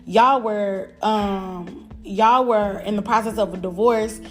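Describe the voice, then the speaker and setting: A young woman hosting a podcast, telling a personal story in a blunt, animated, profane way and talking straight to her listeners. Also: medium pitch, takes it slowly, soft background music. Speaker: podcast host. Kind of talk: casual storytelling.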